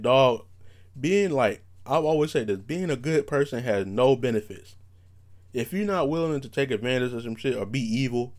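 Rambling, slangy podcast man, low voice. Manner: rambling, animated storytelling with slang and restarts. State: voice not warmed up after waking. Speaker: podcast host. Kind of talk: casual solo podcast monologue.

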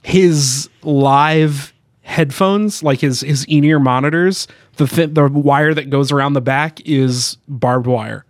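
A man's voice: a little high, steady tone, slow, no echo, clean studio sound. A man co-hosting a podcast in casual chat, eager and talkative, laughing often. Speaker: podcast co-host.

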